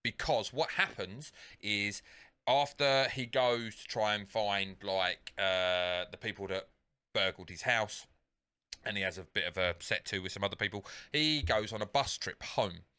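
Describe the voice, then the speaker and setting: A man's voice: on the low side, a little slow, sharp tone, clear, resonant tone. A man co-hosting a podcast, retelling a film scene in casual, sweary chat full of fillers. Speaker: podcast co-host.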